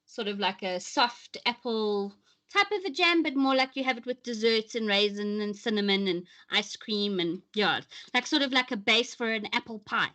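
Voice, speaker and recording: A South African woman hosting a casual livestream chat, talkative and quick to laugh. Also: a little high, sharp tone. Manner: chatty, laughs often. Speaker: host. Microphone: webcam close to the face.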